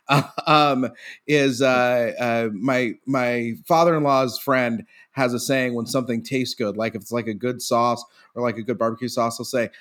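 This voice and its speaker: A man from Texas hosting a casual podcast chat, relaxed with fillers. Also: medium pitch, normal speed.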